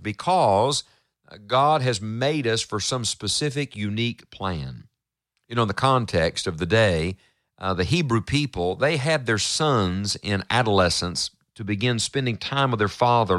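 A man's voice: lowish voice, fairly bright tone, no echo. A man preaching an earnest Bible-teaching sermon, speaking emphatically into a close mic.

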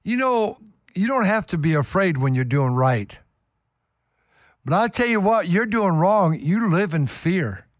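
A male preacher delivers a fervent sermon in a high voice, stressing points by repeating words. The recording is dry and close, with no room echo.

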